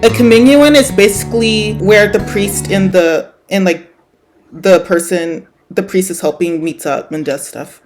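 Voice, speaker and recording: A woman's voice: mid-range voice, measured pace, music in the background. A woman in her twenties from the United States, chatting bluntly with strangers on a video call, giggling with lots of fillers. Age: 20s. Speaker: video chat host. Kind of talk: casual chat with strangers.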